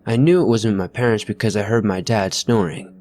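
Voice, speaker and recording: A man with a somewhat low voice narrates first-person horror stories from a script. He reads fairly quickly at a steady, even pace, and there's a little hiss or hum in the audio.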